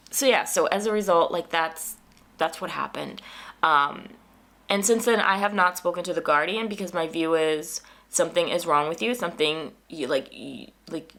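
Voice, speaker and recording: A woman vlogger in casual, animated storytelling, whose voice jumps up when she quotes herself in exasperation. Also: on the low side. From United States.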